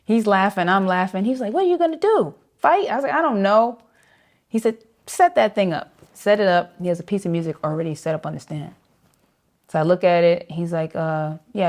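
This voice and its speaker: A young saxophonist from New York, with a lowish voice, is being interviewed. She tells stories animatedly, laughs often and acts out the voices of the people in them.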